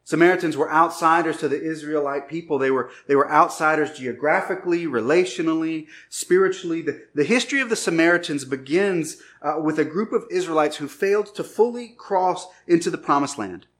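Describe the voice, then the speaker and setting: A man preaching to his church as pastor, with a voice sitting a little higher than most men. He tells a personal story in an animated way, acting out shouted lines before turning to scripture. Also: a little fast, hardly any pauses.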